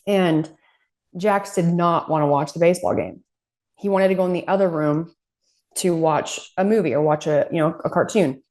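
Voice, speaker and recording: Low-voiced woman co-hosting a chat podcast. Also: normal speed. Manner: animated storytelling, acting out quoted voices and laughing. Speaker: podcast co-host. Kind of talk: casual chat.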